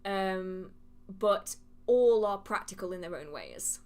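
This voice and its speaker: A woman hosting a live witchcraft Q&A, chatty and animated, laughing often as she reads questions from the chat. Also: mid-range voice, slow. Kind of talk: casual livestream Q&A, reading chat questions aloud.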